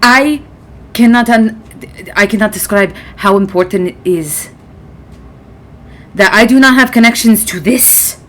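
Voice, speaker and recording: A woman's voice: a little high, measured pace, long pauses, a bit bright. Woman doing a stiff formal vampire doctor guy, serious, calls everyone mister and miss. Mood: grave. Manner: formal, clipped address with titles. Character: stern male vampire doctor, formal and protective. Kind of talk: tabletop role-play in character.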